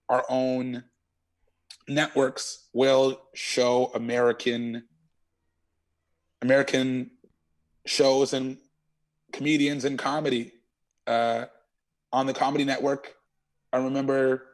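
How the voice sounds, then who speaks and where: A man, a stand-up comedian, telling stories in an animated, slangy and profane way as an interview guest. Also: mid-range voice. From Canada. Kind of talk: casual interview chat.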